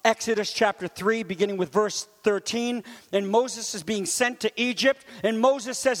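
Guy preaching a sermon, really high voice, chatty asides, big echoey hall. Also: moderate pace, hardly any pauses. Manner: animated, swings from loud to near whisper; conversational asides to the congregation. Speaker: pastor.

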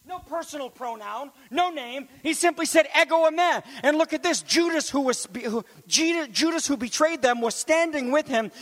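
A man with a very high voice preaches a sermon, lively and building up to shouts on the key phrases. He drops into conversational asides to the congregation between points. His voice rings with the long reverb of a church hall. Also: normal speed, few pauses. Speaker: pastor.

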